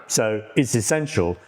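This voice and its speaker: British man, middle-aged, deep voice, casual rambling chat, lots of ums. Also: darkish tone. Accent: British English. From Britain. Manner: rambling, many fillers and restarts. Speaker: podcast co-host.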